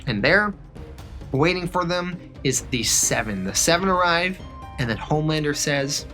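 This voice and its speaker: A man retells a comic book plot in a loose, casual way. His voice is bright and forward. Faint music plays under him. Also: on the high side, animated, moderate pace. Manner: loose, repeats "and then". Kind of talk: casual comic story recap.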